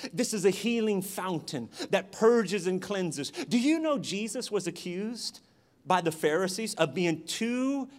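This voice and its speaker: A man preaching a sermon, telling a personal story with animated delivery and acted-out voices. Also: high voice. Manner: animated, acts out voices in his stories. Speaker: pastor.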